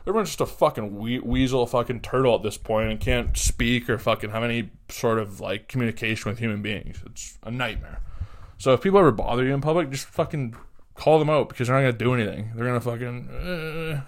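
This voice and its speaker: A man's voice: mid-range voice, a little fast. A man hosting a comedy podcast, ranting in a profane, exasperated way. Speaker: podcast host. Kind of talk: comedic rant.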